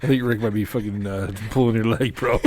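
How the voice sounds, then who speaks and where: A man's voice: on the low side, steady tone, fairly quick, a little mellow, slight background noise. A man co-hosting a podcast in casual chat, cracking crude jokes. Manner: joking, crude banter. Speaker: podcast co-host.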